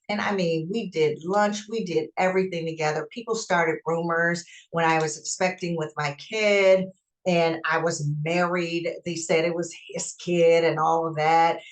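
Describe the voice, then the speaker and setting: A woman hosting a podcast, telling a personal story in an emphatic, animated way and acting out what people said. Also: low-pitched. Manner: emphatic, animated retelling with acted-out quotes. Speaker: podcast host.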